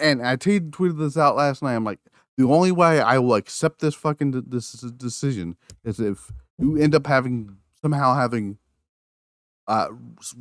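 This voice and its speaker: A mid-range male voice, recorded at studio quality without room sound, carries an angry solo rant review on a podcast. The host swears nonstop, repeats himself, and keeps restarting.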